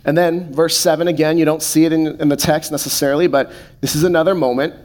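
Preaching man, soft deliberate pauses. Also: fairly high pitch, fairly even intonation. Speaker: pastor. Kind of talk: sermon.

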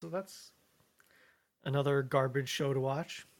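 A man's voice: mid-range voice, steady tone, a little slow. A young man co-hosting a casual chat, easygoing and agreeable, often laughing. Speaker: podcast co-host.

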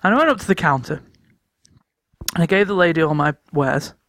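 A man co-hosting a podcast, telling animated travel stories in casual chat and laughing often. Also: fairly high pitch, brisk, dry recording. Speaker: podcast co-host.

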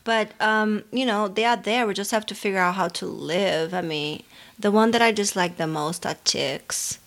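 A woman co-hosting a podcast in casual chat, unhurried and hesitant, pausing on fillers as she talks. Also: mid-range voice, fairly bright tone. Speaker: podcast co-host.

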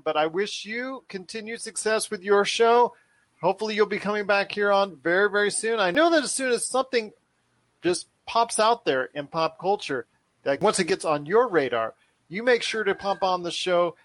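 Enthusiastic higher-voiced male podcast host. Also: fairly bright tone, no echo. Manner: enthusiastic, repetitive phrasing, addresses guest as my friend. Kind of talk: casual podcast chat.

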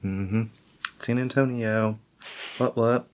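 A woman's voice: extremely low pitch, fairly even intonation, slow, darkish tone. A woman co-hosting a podcast in casual chat, rambling and joking with lots of "like" asides. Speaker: podcast co-host.

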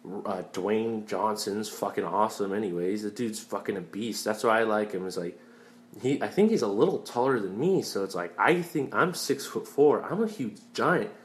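A man's voice: on the low side, expressive, moderate pace, slight background noise. A young man in casual, rambling movie talk, swearing freely and drifting into tangents as he reviews films. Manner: rambling, profane, wanders off on tangents.

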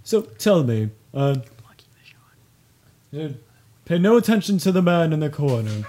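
Flustered excitable improv player. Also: medium pitch, unhurried. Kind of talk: improv comedy.

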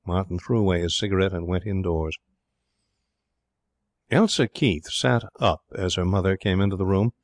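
A man reading a story aloud as an audiobook narrator, in a measured, deliberate way. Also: deep voice, no echo. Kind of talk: scripted narration.

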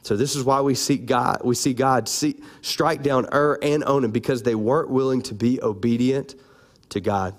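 A man preaching a sermon, animated and playful, calling out to his congregation. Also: mid-range voice, normal speed. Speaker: pastor.

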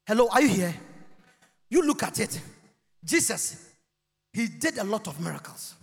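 A man preaching a lively sermon in a church, shouting, chanting and singing out phrases. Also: high-pitched, normal speed, vocal fry, breathy edge. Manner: shouts and chants, sings phrases, mimics people. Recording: long reverb of a church hall.

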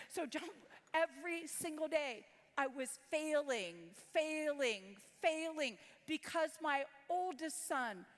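High-voiced woman preaching in a reverberant hall. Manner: storytelling, acts out voices, turns hushed and tearful when emotional. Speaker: pastor. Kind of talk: sermon with personal story.

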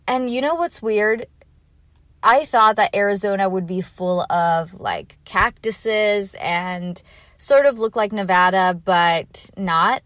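A young woman chats through a casual travel story at an ordinary middle pitch. Her talk is loose and rambling, packed with "like" and "you know". The sound is dry and close, with no room in it. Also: no echo. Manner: chatty, filler-heavy with frequent "like". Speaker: vlogger.

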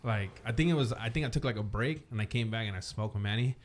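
A man's voice: lowish voice, fast. A young man telling stories in casual chat, laughing often and mixing in Spanish words. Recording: noisy background.

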